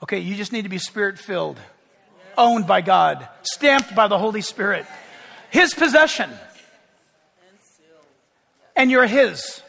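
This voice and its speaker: A man preaching a sermon as pastor, animated, shouting out quoted crowds and joking with the congregation. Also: sits high, a little slow, vocal fry, pauses often, in a large hall. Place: church sanctuary.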